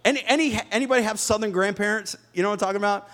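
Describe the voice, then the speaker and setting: A man's voice: high-pitched, racing. A middle-aged man preaching a sermon in church, joking with the congregation and telling funny family stories. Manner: animated, jokes with the congregation. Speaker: pastor. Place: church before a live audience.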